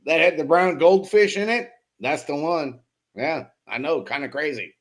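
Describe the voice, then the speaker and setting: A man with a somewhat high, gravelly voice hosts a casual live stream. He reads viewer comments aloud, calls out chatters by name, and keeps the banter profane and full of laughter. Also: moderate pace. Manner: joking, profane, laughs often; loose and teasing with chatters by name. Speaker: host of a BMX live show.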